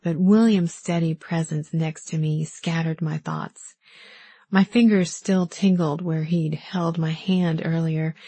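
A woman telling a first-person story as an audiobook narrator, in a measured, intimate way, close to the mic. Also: on the low side, darkish tone, slightly rough, dry recording.

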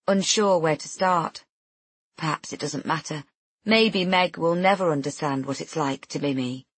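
Husky woman narrating. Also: fairly low pitch, no room sound. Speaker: audiobook narrator. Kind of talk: scripted first-person narration.

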